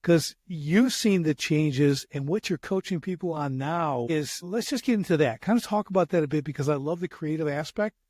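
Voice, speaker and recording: A man's voice: on the high side, moderate pace, few pauses, darkish tone, no room sound, studio quality. A man in his sixties hosting a podcast interview, telling rambling anecdotes in casual chat. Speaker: podcast host.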